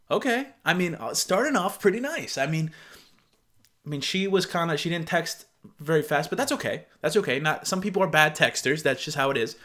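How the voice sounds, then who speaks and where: Young man, reaction commentary, incredulous, exclaiming, somewhat high-pitched. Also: lively intonation, fairly quick, a bit bright. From Michigan. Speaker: YouTuber. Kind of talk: reaction commentary on text messages.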